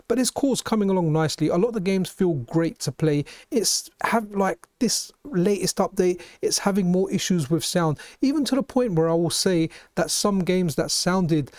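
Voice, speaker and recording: A man's voice: sits high, a little mellow, dry recording, studio quality. Chatty London man hosting a gaming channel. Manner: chatty, restarts and repeats words. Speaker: retro gaming channel host. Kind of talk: casual gameplay commentary.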